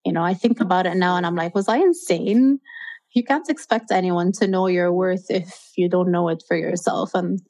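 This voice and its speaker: Guest, woman in her 30s, slightly low voice, earnest and reflective. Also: fairly even intonation, fairly quick, few pauses, darkish tone. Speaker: interview guest. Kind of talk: personal storytelling in an interview.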